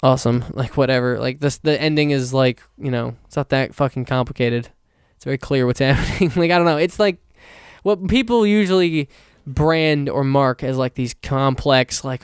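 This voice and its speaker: A man's voice: medium pitch, moderate pace, smooth, dry recording, clean studio sound. A young man hosting a solo podcast, rambling casually with lots of fillers, restarts and swearing. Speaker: podcast host.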